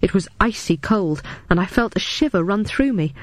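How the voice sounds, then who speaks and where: A woman's voice: medium pitch, animated, normal speed, no room sound. Woman narrating an audiobook, dry close sound. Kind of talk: first-person audiobook narration.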